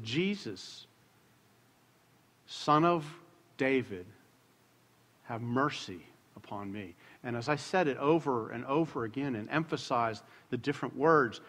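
A middle-aged male pastor preaching a sermon in a church, conversational and joking at times, slowing down to stress key words. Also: fairly high pitch, sharp tone. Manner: conversational, jokes with the congregation, slows down to stress words. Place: church sanctuary. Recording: long church hall reverb.

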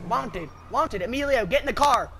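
A woman gamer talking loud, goofy and profane in online party chat, drawling "y'all" and "feller". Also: on the high side, animated, normal speed, noisy background. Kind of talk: rowdy party chat while gaming.

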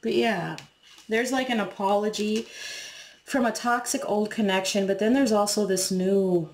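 A woman's voice: medium pitch, moderate pace, darkish tone, echoey room. A woman giving a casual tarot reading to her viewers, talking frankly, swearing freely and laughing as she acts out what people say. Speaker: tarot reader.

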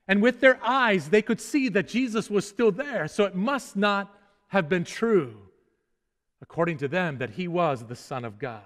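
A man's voice: high voice, moderate pace, fairly bright tone, in a large hall. A male pastor preaching earnestly, stumbling over repeated words and letting his phrases sink to solemn endings. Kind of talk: sermon.

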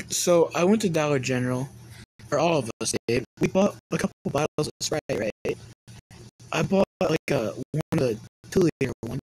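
A man's voice: a little high, expressive, moderate pace, slight background noise, rough recording. Rambling young man telling a story. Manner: rambling, heavy swearing and filler words. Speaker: vlogger. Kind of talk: casual storytime monologue.

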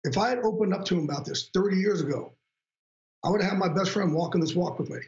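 A man's voice: high voice, quick pace, a little mellow, reverberant, dull audio. A man talking as a talk-show guest, telling his story earnestly and openly. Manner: earnest, open storytelling with quoted dialogue. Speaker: guest author. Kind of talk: candid talk-show conversation.

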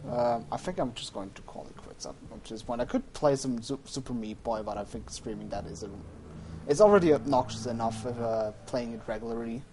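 A man's voice: mid-range voice, a little fast, warm tone. Give me a male game streamer in casual chat, self-correcting and laughing easily, with faint background noise. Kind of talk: casual gaming livestream chat.

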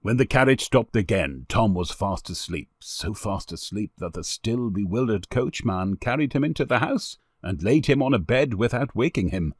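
A man reads an old-fashioned children's story in a low voice. His intonation swings widely and he tells it with a lot of expression. The sound is dry and close. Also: animated, moderate pace, hardly any pauses, slightly rough, dry recording. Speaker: narrator. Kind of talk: storybook reading.

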